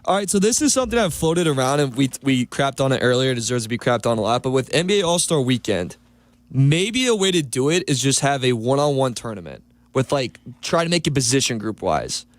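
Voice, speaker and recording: A man on a sports talk radio show, eagerly pitching and defending his own idea. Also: big pitch swings, brisk, no room sound. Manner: eager, enthusiastic pitching ideas.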